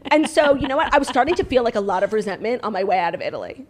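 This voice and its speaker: A young American woman co-hosts a podcast, her voice a little high, a little mellow, and expressive as she races along. In casual chat she tells rambling stories packed with "like."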